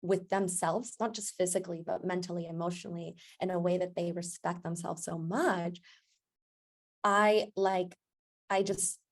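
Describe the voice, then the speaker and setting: A woman yoga instructor telling a personal story as a podcast guest, chatty and animated, often acting out what others said. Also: on the low side, normal speed. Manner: animated storyteller, acts out quoted voices, laughs often. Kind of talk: casual storytelling interview. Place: podcast recording.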